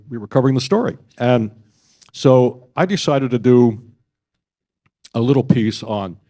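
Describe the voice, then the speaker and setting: An older man giving an award acceptance speech, telling stories in a measured, anecdotal way. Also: lowish voice, dark tone, slightly rough. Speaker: award honoree. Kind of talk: after-dinner speech.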